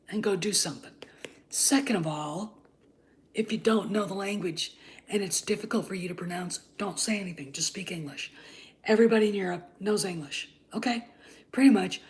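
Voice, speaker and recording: A woman's voice: fairly low pitch, moderate pace. A woman hosting her own channel, talking in a blunt, heated, casual rant and swearing freely. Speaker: channel host. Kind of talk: casual ranting commentary.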